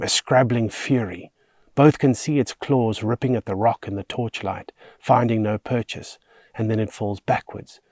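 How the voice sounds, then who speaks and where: Low, hushed male storyteller. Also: no echo. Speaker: author reading his novel. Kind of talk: audiobook narration. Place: outdoors on location.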